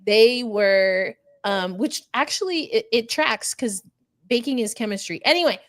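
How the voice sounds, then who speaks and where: A fairly high-voiced woman from New York City co-hosts a live sports podcast over a remote streaming setup. She talks in a chatty, animated way, drifting into nerdy asides and correcting herself quickly as she goes. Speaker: podcast co-host.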